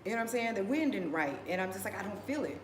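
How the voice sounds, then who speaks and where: A woman's voice: mid-range voice, sing-song, fast. Woman rambling through a story, echoey room. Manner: rambling, repeats phrases, emotional retelling. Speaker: vlogger. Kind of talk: casual personal storytelling. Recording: echoey room with background noise.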